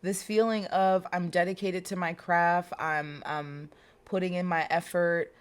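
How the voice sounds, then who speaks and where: A woman with a low, deep-set voice gives a tarot reading straight to her viewers. She talks in a loose, chatty flow, circling back to her points and repeating them for emphasis. Her swearing is casual and unfiltered. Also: fairly even intonation, unhurried, clear, resonant tone. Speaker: tarot reader.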